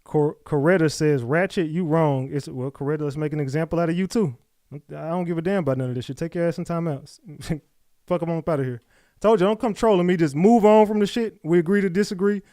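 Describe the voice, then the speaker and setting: A man with a slightly raised pitch argues with his live chat, bluntly and profanely, insisting he is right. His voice is dry and close to the microphone, with no room sound. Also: quick pace, mellow, dry recording. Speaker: streamer reacting to clips. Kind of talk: casual reaction commentary.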